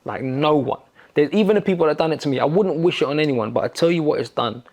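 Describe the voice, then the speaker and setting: Guest in his forties, gravelly, animated storyteller who swears a lot. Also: fairly high pitch, fast talker. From London. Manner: animated, swears freely, acts out quoted exchanges. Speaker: podcast guest. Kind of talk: casual conversational storytelling.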